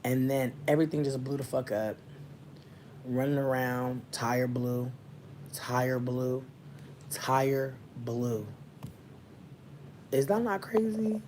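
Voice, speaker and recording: Profane, animated vlogger venting at home. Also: medium pitch, slight background noise. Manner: profane, heavy swearing; animated storytelling, swings between muttering and loud bursts. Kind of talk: casual rant to camera. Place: indoors, at home near a window.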